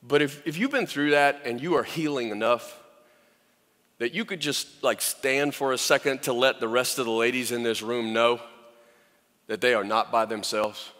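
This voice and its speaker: A man's voice: mid-range voice, normal speed, fairly bright tone, in a large hall. A man preaching a sermon as pastor, earnest and urging, hammering his points home with repeated commands.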